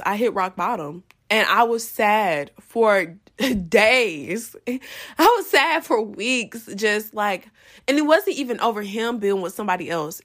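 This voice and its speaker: A young woman hosting a podcast, telling a personal story in a casual, profane, animated way and jumping into loud re-enacted quotes. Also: mid-range voice. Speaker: podcast host.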